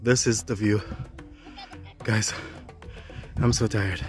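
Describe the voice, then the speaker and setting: A man's voice: lowish voice, fairly even intonation, takes it slowly, pauses often, faint music behind. A man, out of breath while vlogging a jungle hike to camera and calling viewers "guys". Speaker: travel vlogger. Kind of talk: hiking vlog to camera. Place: outdoors in rainforest hills.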